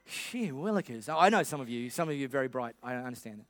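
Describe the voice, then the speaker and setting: A man's voice: medium pitch, lively intonation, quick pace. A man preaching a sermon, retelling the story with a humorous, playful storytelling manner.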